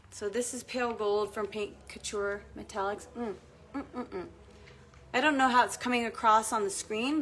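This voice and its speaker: A woman's voice: medium pitch, fairly bright tone, slight background noise. A woman in her thirties hosting a casual crafting tutorial, chatting to viewers as she works. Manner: chatty, talks to viewers and her child while working. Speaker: craft video host.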